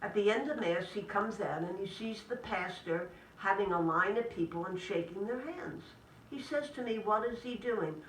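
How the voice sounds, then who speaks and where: Woman, religious sister, inspirational talk, gentle measured phrasing, distant mic, echoey room. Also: mid-range voice, animated, a little hiss or hum. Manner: gentle, measured delivery in short list-like phrases. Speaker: Catholic sister giving a spiritual talk. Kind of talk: inspirational talk to a live audience.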